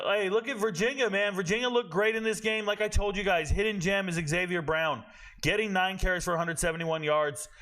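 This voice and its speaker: A man hosting a college football show, giving blunt, profane, animated opinions and muttering to himself as he checks stats. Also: high voice. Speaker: college football podcast host. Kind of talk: casual opinionated commentary.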